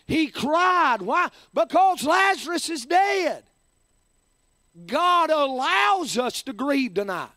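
High-voiced man preaching slowly. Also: no echo. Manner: preaching cadence, rhetorical questions, shouted emphasis. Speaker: pastor. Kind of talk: sermon.

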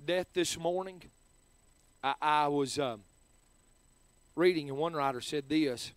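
A middle-aged male pastor preaching a sermon with passion, moving between shouted lines and hushed, earnest ones. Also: fairly high pitch, takes it slowly, clear, resonant tone, no room sound. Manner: impassioned preaching, ranging from shouts to hushed tones.

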